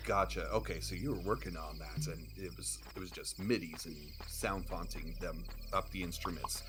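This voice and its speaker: A man's voice: low voice, fairly even intonation, normal speed, background noise. A man hosting a live game stream, chatting casually and acting out his own reactions with animation. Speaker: streamer host. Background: game music.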